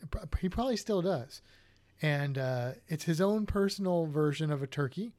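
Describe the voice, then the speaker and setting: A man's voice: on the high side, expressive, normal speed, darkish tone. A man co-hosting a podcast in casual, rambling chat, often restarting his sentences. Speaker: podcast co-host.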